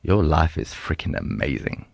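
A middle-aged South African man with a South African accent, a guest telling stories in an interview in an animated, humorous way. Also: extremely low pitch, moderate pace, gravelly, no echo, studio quality. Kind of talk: storytelling interview.

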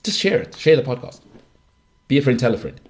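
Hosting his own sports podcast alone, a middle-aged man talks fairly quickly in a mid-range, sing-song voice with a touch of mellowness. His delivery is emphatic and full of opinion, and he frequently starts over mid-thought.

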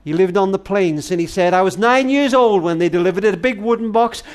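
A man's voice: high voice, brisk. An older man telling a heartfelt story in a tender manner, speaking to a grandchild as darling. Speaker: speaker and author.

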